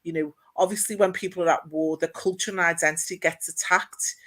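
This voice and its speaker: A middle-aged woman, a guest in casual conversation, telling stories in an animated way and acting out what others said. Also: lowish voice, a little fast. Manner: animated storyteller, acts out quoted dialogue, laughs often. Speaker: guest, former city mayor. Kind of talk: casual chat.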